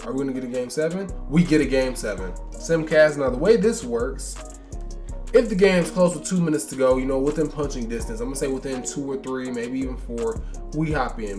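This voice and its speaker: Casting: young gaming YouTuber, mid-pitched, tired and rambling, soft music underneath. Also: male voice. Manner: chatty, rambling, reacts to stats, tired and yawning. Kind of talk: casual sports game commentary.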